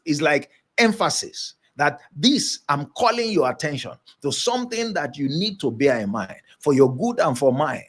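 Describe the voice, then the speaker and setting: A man's voice: fairly high pitch, sing-song, normal speed, hardly any pauses, fairly bright tone. A man giving a motivational leadership lesson in an emphatic, preacher-like way, repeating his key points. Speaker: leadership coach.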